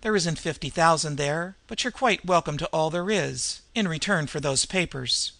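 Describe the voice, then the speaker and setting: A man's voice: a little high, normal speed, sharp tone, dry recording. A man voicing a gloating male villain who sneers and speaks caustically. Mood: caustic.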